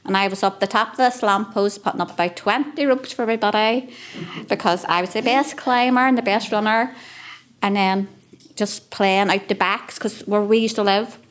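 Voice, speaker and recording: A woman with a Belfast accent who reminisces about her childhood in a chatty, rambling way, with many small fillers. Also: mid-range voice. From West Belfast. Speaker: carer sharing memories. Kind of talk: reminiscing on a podcast.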